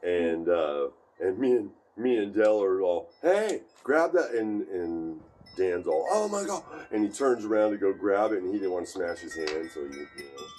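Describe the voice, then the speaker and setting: Deep-voiced man rambling through old stories. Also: moderate pace, few pauses, dark tone, slight background noise. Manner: rambling anecdotes, raises his voice to quote friends. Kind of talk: casual storytelling at home. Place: home.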